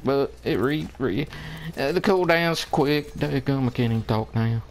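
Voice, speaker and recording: A man's voice: mid-range voice, measured pace, a little hiss or hum. A man giving drawling, exasperated commentary over a team shooter game, pleading with his teammates. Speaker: gamer. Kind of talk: gameplay commentary.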